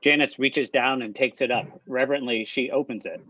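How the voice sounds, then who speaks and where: A man's voice: mid-range voice, fairly quick, bright, forceful tone, breathy edge, no echo. Dry-humored man on a muffled call. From upstate New York. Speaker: playwright. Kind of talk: reading stage directions, then casual chat.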